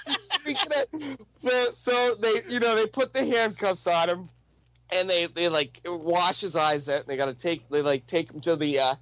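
A man's voice: sits high, moderate pace, noisy background. A young man telling a wild story in casual, profane speech, laughing often and acting out the people in it.

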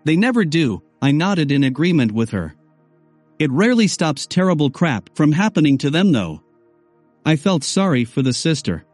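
A male audiobook narrator with a wry, sardonic edge, reading a first-person novel. His pitch swings widely and sits a touch high. The sound is dry and close, with faint music underneath. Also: big pitch swings, moderate pace, darkish tone, no room sound.

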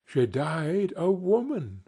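Man reading a hushed solemn ghost, slow, measured, breathy. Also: a little high, huge pitch swings, pitched above the performer's own voice, full character voice. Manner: quiet, measured. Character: solemn gentle male spirit.

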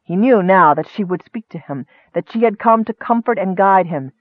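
A man narrates a fantasy story in a measured, expressive voice that sits high. The recording is dry and squeezed into a narrow band, close to a phone line. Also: no room sound. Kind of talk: audiobook narration.

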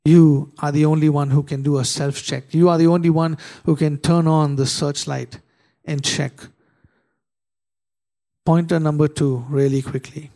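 A man preaching a sermon with an emphatic, rising delivery. He fires rhetorical questions at his listeners and slows right down to read scripture with weight. His voice sits a little higher than most men's. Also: little pitch movement, warm tone. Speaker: pastor.

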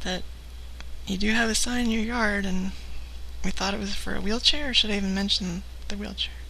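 A female co-host on a live prank call show with a bright, edgy tone and a gravelly fry. Her pitch stays flat as she chats playfully. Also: fairly quick, slight background noise, low-quality recording. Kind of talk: casual live show chat.

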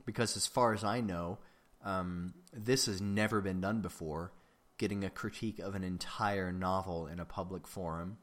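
Casual solo podcast host, a man with a lower voice who rambles and pokes fun at himself. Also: fairly even intonation, normal speed, fairly bright tone. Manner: rambling and self-deprecating, with frequent ums.

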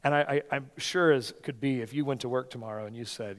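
A pastor preaching a sermon and reading scripture aloud, getting louder and more animated during the dramatic passages, in a church sanctuary. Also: male voice, mid-range voice, fast talker. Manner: animated reading, rising loud for dramatic lines. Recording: long hall reverb.

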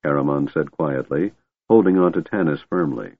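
A man narrating a fantasy audiobook in a measured, dramatic way, in a tinny recording. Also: a bass voice, no room sound.

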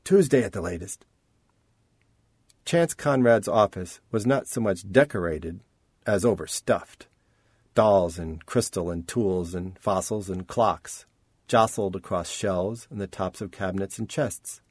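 A man narrating an audiobook in a measured, expressive storytelling manner. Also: sits low, breathy edge, no room sound. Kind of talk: scripted narration.

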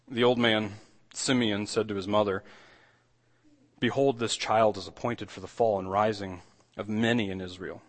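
A man's voice: mid-range voice, a bit bright. Man preaching a conversational sermon. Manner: conversational preaching with frequent restarts and rising emphasis. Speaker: pastor.

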